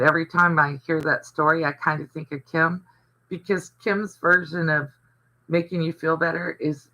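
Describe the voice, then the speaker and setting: Sharp in tone and on the high side, an older Southern man's voice comes through a low-quality recording. He hosts an easygoing livestream chat, a chatty storyteller who rambles and reads out what viewers comment.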